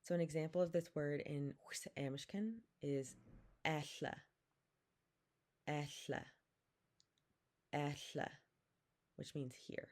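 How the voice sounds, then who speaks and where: A woman teaching a language lesson, saying each vowel slowly and repeating words for the listener to copy. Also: sits low, fairly even intonation, warm tone. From Pacific Northwest, Coast Salish community. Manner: slow and careful, repeats each sound, drawn-out demonstrations. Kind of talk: slow, patient vowel lesson with call-and-repeat.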